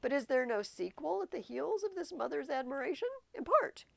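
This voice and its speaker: A woman's voice: high-pitched, sing-song, fairly quick, vocal fry, no room sound, pitched above the performer's own voice, heavily acted. A woman reading the lines of a young male prince, bitter and giddy, in a theatrical Shakespearean verse delivery. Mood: manic.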